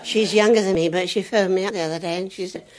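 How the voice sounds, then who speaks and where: A woman's voice: steady tone, quick pace, a crowd in the background, noisy background. An older English woman doing stand-up, telling family anecdotes in a chatty, jokey way and laughing at her own punchlines. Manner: jumps high in pitch when doing children's and others' voices. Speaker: comedian. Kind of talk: stand-up storytelling. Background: audience laughter.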